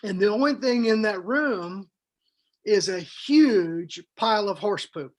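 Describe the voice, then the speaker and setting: A man, co-host and author on a podcast, tells a story in a casual, animated way, repeating himself and adding fillers as he goes. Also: sits high, takes it slowly. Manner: animated, rambling storyteller who repeats words.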